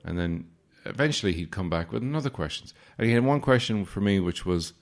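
A man in his late twenties or thirties hosts a podcast in a deep, expressive voice, speaking a little fast with vocal fry. His casual storytelling monologue features wry, sarcastic anecdotes and mock-formal asides.

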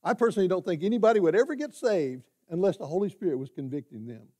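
A man preaching a sermon as pastor in a church, animated, with his voice leaping up for emphasis. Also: high-pitched, quick pace. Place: church sanctuary.

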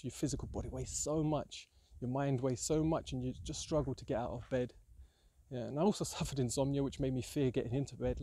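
A man's voice: mid-range voice, vocal fry, warm tone. A man talking earnestly in a rambling, reflective monologue, often saying "yeah" and "like". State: hungry, about 60 hours into a fast. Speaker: vlogger sharing fasting tips.

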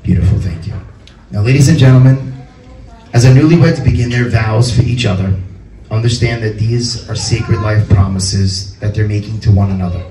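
A man officiating a wedding ceremony, upbeat and leading the couple through their vows, rising to a loud announcing voice at the end. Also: lowish voice, moderate pace, slight background noise. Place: waterfront wedding venue. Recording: echoey, from far off.

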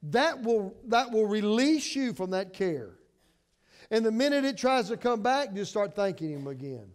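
Pastor, man, middle-aged, very high and animated voice, impassioned sermon delivery with frequent restarts. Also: unhurried. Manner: passionate preaching, swings from hushed to emphatic; repeats and restarts words.

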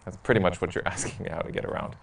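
His voice is low, gravelly and steady as he rattles along very fast, far from the microphone. The priest handles a parish group's questions in a candid, humorous way, often laughing at his own anecdotes.

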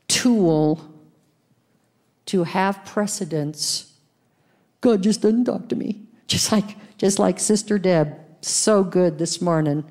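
A woman pastor preaching a sermon, laughing often and reading scripture slowly with emphasis. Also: on the low side, a little mellow.

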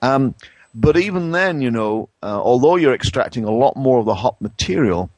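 A middle-aged man with an English accent, a brewing science professor explaining things in a conversational interview, pausing and restarting often. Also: medium pitch, animated, a little mellow, no echo. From England. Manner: hesitant, many restarts and fillers.

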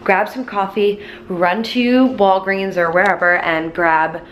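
A young woman vlogging into a handheld camera, chatty and expressive, with plenty of "like" in her talk. Her voice sits at an ordinary middle pitch. She sounds casual and open. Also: moderate pace, gravelly, hardly any pauses, slight background noise. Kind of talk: casual vlog chat to camera.

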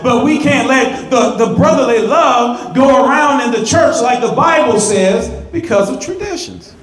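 A pastor preaching a sermon in a church, animated, repeating words and building to emphatic, rising peaks. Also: male voice, very high-pitched, moderate pace, few pauses, faint music behind. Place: church sanctuary. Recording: echoey church sanctuary.

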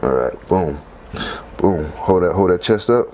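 Chatty low-voiced man demonstrating a recipe. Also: unhurried, a little hiss or hum. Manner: chatty, lively, punctuates steps with "boom". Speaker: home cooking video host. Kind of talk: casual cooking demonstration.

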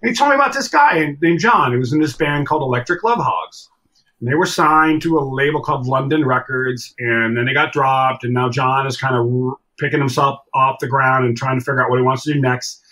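A middle-aged man telling a story as a podcast guest, animated and swearing freely as he acts out other people's lines. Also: medium pitch, a little fast, low-quality recording. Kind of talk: casual storytelling.

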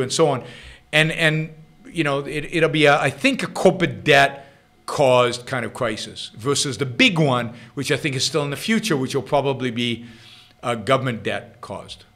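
A man's voice: medium pitch, normal speed, fairly bright tone. A middle-aged man with an Israeli accent hosting his own show, answering listener questions in emphatic, unscripted commentary full of repeats and restarts.

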